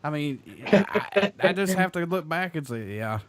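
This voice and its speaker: A man's voice: on the high side, animated, measured pace, a bit bright. A man with a Southern US accent hosting a radio interview, blunt and goofy, joking with his guests. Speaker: radio show host. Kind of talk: casual interview chat.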